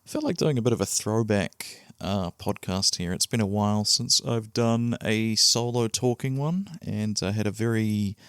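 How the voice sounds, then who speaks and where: A man's voice: lowish voice, moderate pace, few pauses, a bit bright, smooth, no echo, clean studio sound. A man with a New Zealand accent hosting his own podcast solo, talking casually and rambling a little with fillers. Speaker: podcast host.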